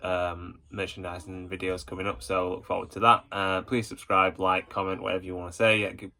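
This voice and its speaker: Deep, flat-voiced man rambling fondly. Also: brisk, gravelly. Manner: rambling, full of hesitations and "you know"; enthusiastic fan. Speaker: YouTube channel host. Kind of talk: casual ranking vlog.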